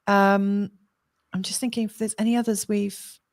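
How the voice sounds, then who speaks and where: A woman's voice: medium pitch, little pitch movement, normal speed. A woman co-hosting a casual online show, chatty, reading out viewer comments, and losing her voice. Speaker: co-host. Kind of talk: casual livestream chat.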